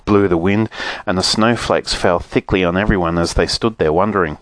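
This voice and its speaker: A man reading a children's storybook aloud with an expressive, animated delivery. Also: deep voice, moderate pace, no echo. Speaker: narrator.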